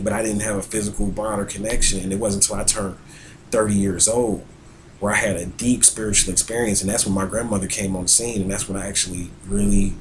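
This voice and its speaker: Male astrologer, low voice, easygoing and rambling delivery with frequent fillers. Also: darkish tone, slight background noise, low-quality recording. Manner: rambling, conversational, many fillers and restarts. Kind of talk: casual spoken talk on astrology.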